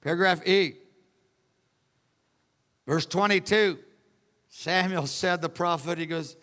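High, bright-voiced animated preacher. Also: male voice, takes it slowly. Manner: animated, acts out the characters, conversational asides. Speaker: pastor. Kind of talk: sermon. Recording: long hall reverb.

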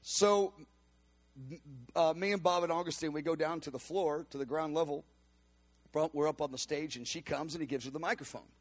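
High-voiced man telling a sermon story. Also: moderate pace. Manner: animated storytelling, voices the people he quotes. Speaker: preacher.

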